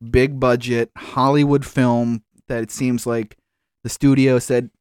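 A man co-hosting a casual podcast, with a mid-pitched voice recorded close and dry. He makes wry, deadpan remarks and sighs often. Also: unhurried, smooth, no echo. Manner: wry, sighing, dry comments. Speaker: podcast co-host. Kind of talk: casual chat.

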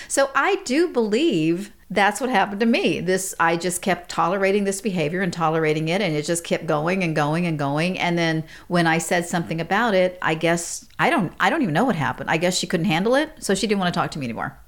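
A middle-aged woman hosting a podcast, telling personal stories in a casual advice talk and laughing often. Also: on the low side. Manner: warm storytelling, laughs often. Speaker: podcast host.

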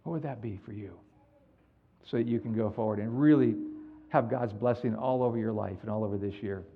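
A man preaching a sermon as pastor, animated and acting out the people in his stories. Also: on the low side, fairly quick, phone-quality sound, slight background noise. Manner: animated storytelling, acts out quoted dialogue.

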